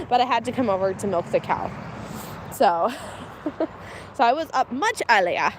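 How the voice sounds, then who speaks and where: A woman's voice: a little high, very animated, unhurried, noisy background. A woman hosting a casual livestream outdoors at a farm, chatty and giggly, talking to her animals. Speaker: homestead mom and livestream host. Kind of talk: casual live-stream chat.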